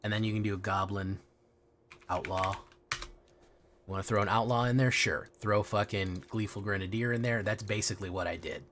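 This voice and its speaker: A man's voice: on the low side, steady tone, normal speed, fairly bright tone, slight background noise. A man streaming a card game, chatting casually with his viewers, swearing freely and often restarting his sentences. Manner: casual and profane, restarts a lot. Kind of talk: casual livestream chat.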